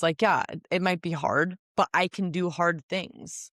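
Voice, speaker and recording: A woman's voice: fairly low pitch, steady tone, measured pace, a bit bright, no echo, studio quality. A woman in her twenties hosting a solo podcast, talking casually and emphatically with lots of fillers and little laughs. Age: 20s. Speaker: podcast host.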